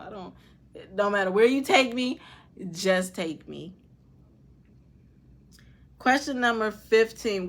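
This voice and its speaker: A young woman vlogger speaking, answering viewer questions in casual, candid, profane chat that drops soft and quiet at tender moments. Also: fairly high pitch.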